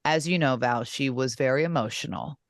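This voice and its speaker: A woman's voice: a bass voice, fairly quick, dry recording, clean studio sound. A middle-aged woman co-hosting a casual podcast chat, talking earnestly and rambling with many fillers. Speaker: co-host and wrestling champion.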